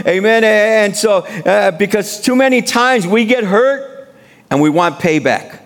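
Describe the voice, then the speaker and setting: A man's voice: high-pitched, lively intonation, measured pace. A man preaching as a guest speaker, exhorting the congregation with repeated calls of amen and plain, informal speech. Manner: exhorting, with call-and-response "amen"; informal street-style speech. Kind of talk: sermon.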